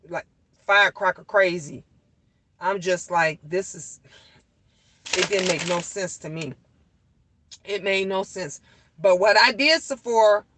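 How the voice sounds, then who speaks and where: A middle-aged woman tells viewers a story in a casual, animated way. She curses freely and repeats lines for emphasis. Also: mid-range voice, no room sound, low-quality recording. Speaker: vlogger.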